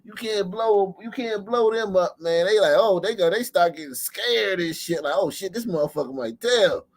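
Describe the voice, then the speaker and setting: A man with a high-pitched voice, speaking at a moderate pace, hosts a livestream of casual commentary. He riffs loosely, cursing and laughing a lot, and ends nearly every line with "man."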